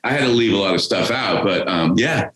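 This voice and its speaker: A man's voice: lowish voice, expressive, fairly quick, fairly bright tone. A man, telling a rambling, profane story as a podcast guest. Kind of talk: casual storytelling. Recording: roomy echo.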